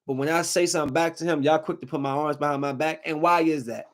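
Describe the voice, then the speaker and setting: A man hosting a podcast, ranting heatedly in casual speech, his voice climbing toward a shout as he gets angry. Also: a little high, fairly even intonation, quick pace. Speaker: podcast host.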